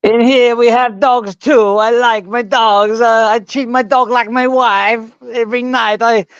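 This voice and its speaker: A man's voice: extremely high pitch, steady tone, measured pace, a bit bright, smooth, no room sound, pitched above the performer's own voice, full character voice. A man putting on a boastful foreign reporter caricature with a mock Kazakh accent and broken English. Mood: goofy boasting. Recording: dull lo-fi video call.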